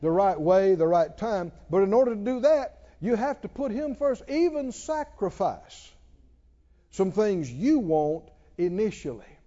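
A middle-aged male pastor preaching a sermon, emphatic and rising to loud exclamations. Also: high voice, very animated, a little slow, lo-fi sound.

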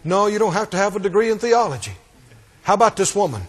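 A man preaching a sermon, animated and rising to emphatic, shouted points. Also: sits high, fast, slightly rough.

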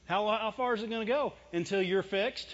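A man's voice: high-pitched, fairly quick, fairly bright tone. A man preaching a sermon in a conversational style, asking rhetorical questions and answering them himself. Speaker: pastor. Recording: dull lo-fi recording.

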